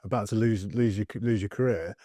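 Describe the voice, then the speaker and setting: Low-voiced reflective host. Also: male voice, fairly even intonation, dark tone, dry recording, clean studio sound. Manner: reflective, halting. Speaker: podcast host, former Royal Marine. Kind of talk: conversational interview.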